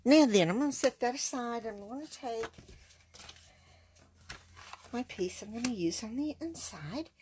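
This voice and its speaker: A woman's voice: fairly high pitch, lively intonation, a little slow, pauses often, a little mellow, a little hiss or hum. A woman chatting in a folksy way as she demonstrates card stamping on a livestream. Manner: folksy, chatty, talks while working. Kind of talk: casual craft demonstration.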